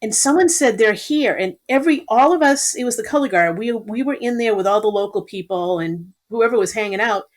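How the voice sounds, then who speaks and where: A middle-aged woman tells rambling stories from long ago in casual podcast talk. Her voice sits at a medium pitch, and her telling turns lively at the high points. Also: a little fast, few pauses. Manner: animated, rambling anecdotes. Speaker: podcast guest. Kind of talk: casual storytelling.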